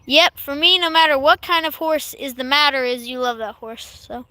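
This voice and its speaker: A high-pitched woman with a Kentucky accent hosts a casual livestream outdoors on a horse farm. Her tone is bright and sharp, and she reads viewer comments aloud in a giggly, chatty way. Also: fairly even intonation, moderate pace, no echo. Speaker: livestream host reading chat. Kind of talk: casual live-stream chat.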